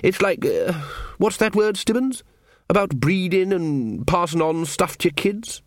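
A man doing a bluff, booming old wizard chief. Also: lively intonation, a little slow, dry recording, clean studio sound. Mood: blustering. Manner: blustering, talks over others. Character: bluff loud older male wizard head.

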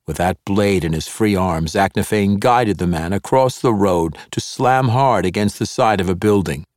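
A man narrating a fantasy novel in a steady, measured way on a close studio mic. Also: deep voice, no room sound. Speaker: audiobook narrator.

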